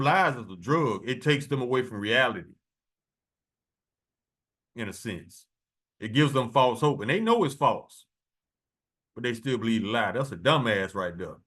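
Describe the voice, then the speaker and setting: A man reading scripture verses slowly and adding blunt, profane commentary between them. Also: medium pitch, fairly bright tone. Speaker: preacher.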